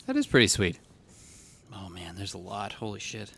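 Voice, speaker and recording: A man's voice: on the low side, moderate pace, vocal fry, husky, no room sound. Joking man co-hosting a podcast. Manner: joking, easily excited, reads out lists. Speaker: podcast co-host. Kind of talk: casual chat. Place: record store.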